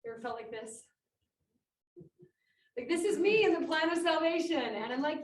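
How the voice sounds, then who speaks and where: A woman giving an inspirational talk at a conference, animated and acting out quotes, in a meeting room with about twenty people. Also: sits high, moderate pace. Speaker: conference speaker. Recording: echoey room, mic far off, faint noise.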